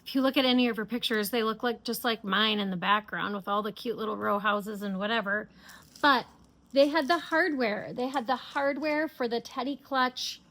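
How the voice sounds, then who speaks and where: A woman's voice: a little high, fairly even intonation, brisk, fairly bright tone. A middle-aged woman hosting a knitting podcast, chatting casually and enthusiastically with many fillers and restarts. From United States. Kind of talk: casual chat.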